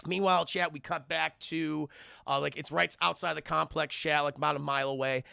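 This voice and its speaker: A man giving a casual, excitable and profane commentary as a cartoon reviewer, often talking to his chat. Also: a little high, a little fast, gravelly, smooth, dry recording, studio quality.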